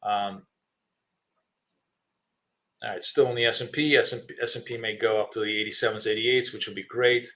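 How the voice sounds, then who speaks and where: A man's voice: on the low side, fairly even intonation, normal speed, long pauses, fairly bright tone. A man hosting a live trading stream, thinking aloud with many fillers and restarts while chewing gum.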